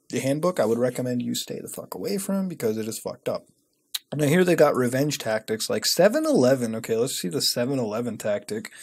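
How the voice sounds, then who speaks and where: A man's voice: mid-range voice, a little mellow. A man hosting a casual commentary video, reading a web page aloud and reacting with sarcastic, profane disbelief. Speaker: host.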